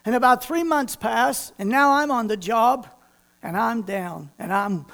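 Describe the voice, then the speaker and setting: A man's voice: very high-pitched, a little slow, gravelly, fairly bright tone. A man preaching a sermon, telling a folksy personal story and voicing the people in it.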